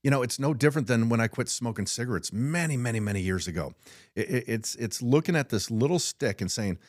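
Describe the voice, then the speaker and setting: A man's voice: mid-range voice, animated, quick pace, no room sound, clean studio sound. A middle-aged man, a business owner hosting his own show, talking frankly in a casual monologue and often repeating and restarting words.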